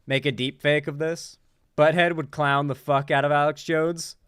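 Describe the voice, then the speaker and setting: A man's voice: on the high side, level tone, normal speed, fairly bright tone, clear, resonant tone, no echo. A man hosting casual political commentary, sarcastic and rambling with lots of filler words. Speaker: host. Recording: dry close-miked room.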